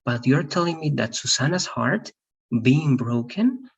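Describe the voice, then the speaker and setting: A man's voice: fairly high pitch, animated, measured pace, husky, muffled recording. A man teaching an English grammar class online, patiently explaining and checking understanding with his students. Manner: patient, repeats "all right?" to check understanding.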